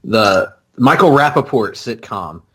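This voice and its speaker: Animated man, lively chatty co-host. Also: lowish voice, a little slow, husky. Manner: animated, swears freely, laughs often. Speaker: podcast co-host. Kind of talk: casual chat.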